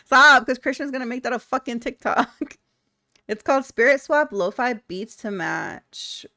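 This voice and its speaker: A woman's voice: fairly high pitch, unhurried, pauses often, bright, forceful tone, no room sound, studio quality. A young adult woman streamer chatting casually with viewers, giggly and playful, swearing freely. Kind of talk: casual chat reading out viewer messages.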